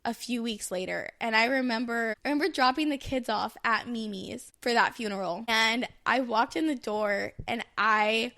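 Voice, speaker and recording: A woman in her thirties shares her own story in a loose, candid podcast chat. Her voice sits a little high, and she rambles with plenty of fillers and restarts. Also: moderate pace, hardly any pauses, sharp tone. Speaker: podcast co-host. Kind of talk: casual personal storytelling.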